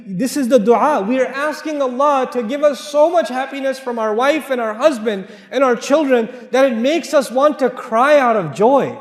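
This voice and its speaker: A man with an American accent preaching a joking, direct sermon to families. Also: very high-pitched. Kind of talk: humorous sermon. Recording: echoey hall with long reverb.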